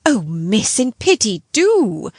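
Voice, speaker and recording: A woman's voice: medium pitch, sing-song, slow pace, husky, no echo, clean studio sound, heavily acted. A woman voicing an anxious, devoted older housekeeper who speaks with pleading emotion in an audiobook reading.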